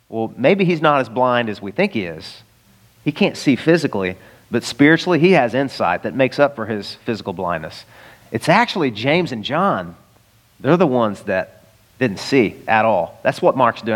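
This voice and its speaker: A man's voice: mid-range voice, long reverb tail. A man preaching a sermon in a conversational way, acting out the voices of the people he quotes. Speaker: pastor.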